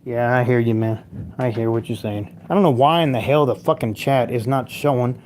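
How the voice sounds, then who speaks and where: A man's voice: medium pitch, normal speed, darkish tone, a little hiss or hum. A man hosting a casual livestream at home, reading viewer comments aloud and rambling with lots of swearing and frequent laughter. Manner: profane, rambling, laughs often. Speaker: livestream host.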